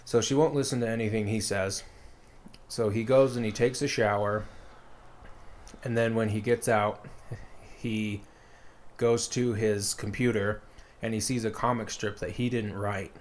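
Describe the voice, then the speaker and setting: A man's voice: fairly low pitch, steady tone, a little slow. A man casually retelling a story as a podcast co-host, rambling with lots of fillers.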